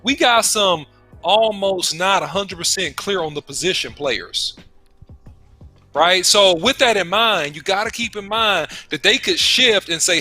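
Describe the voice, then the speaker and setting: A man's voice: high voice, lively intonation, normal speed, pushed and bright, faint music behind. A man co-hosting a casual sports talk stream who stammers through restarts, repeats himself and explains with homespun analogies. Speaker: co-host and football analyst.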